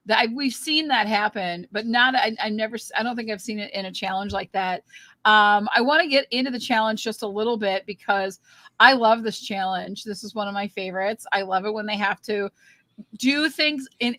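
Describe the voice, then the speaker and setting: A woman co-host chatting casually with a bright, forceful tone. She sounds enthusiastic and often restarts sentences. Her voice is close and dry. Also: fairly high pitch, dry recording. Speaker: podcast co-host. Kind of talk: casual chat.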